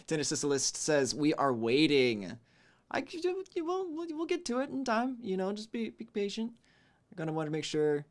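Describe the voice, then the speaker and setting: Relaxed male stream host with a slightly raised voice, reading chat aloud in a chatty tone. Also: high voice, moderate pace. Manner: relaxed, chatty, hums to himself between messages. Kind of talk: casual livestream chat.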